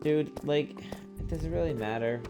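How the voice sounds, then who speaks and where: A man's voice: a little high, moderate pace, over loud music. A young man in his twenties streaming a game, chatting loosely and swearing often. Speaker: gaming streamer. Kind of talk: casual gaming chat.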